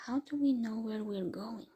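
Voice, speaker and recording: A woman's voice: a little high, moderate pace, mellow. A woman whispering the lines of a blunt, impatient young man in a whispered role-play story reading. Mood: brash. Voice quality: breathy whisper.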